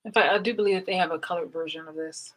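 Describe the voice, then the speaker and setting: A woman's voice: lowish voice, fairly even intonation, rapid-fire, fairly bright tone, rough recording. A woman telling a personal story in a casual, rambling way from a room in her home, blunt and full of fillers and restarts. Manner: blunt, profane and emphatic. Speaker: vlogger.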